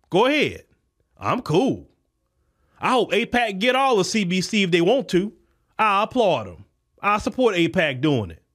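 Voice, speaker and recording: Impassioned high-voiced man ranting. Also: fairly bright tone. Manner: impassioned, repetitive, preacher-like cadence. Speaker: podcast host. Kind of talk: political commentary monologue. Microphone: podcast microphone.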